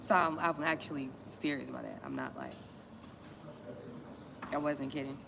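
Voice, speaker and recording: Low-voiced miami lady w/ southern accent, blunt slangy livestream chat, traffic noise behind. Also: wildly swooping pitch, normal speed, gravelly. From Miami, Florida, USA. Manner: blunt, slangy, talks straight to viewers. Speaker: small business grants YouTuber. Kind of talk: casual livestream chat answering viewers. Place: West Africa.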